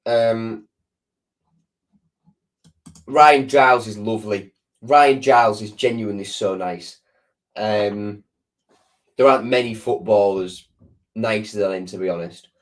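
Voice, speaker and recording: A man's voice: on the low side, slow pace, pauses often. Rambling man with a sore throat. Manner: rambling, lots of restarts and ums. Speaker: football fan channel host. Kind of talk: live stream chat answering viewers.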